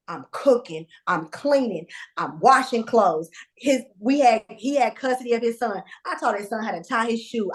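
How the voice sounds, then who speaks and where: A woman guest telling a candid personal story in a conversational, animated way, with fillers and restarts. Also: sits high.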